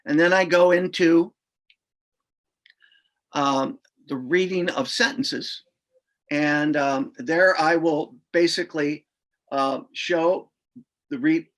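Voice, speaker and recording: A man's voice: fairly high pitch, fairly bright tone. Man explaining classroom reading procedures. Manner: informal, demonstrates sounds aloud. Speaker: reading instructor. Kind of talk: instructional explanation.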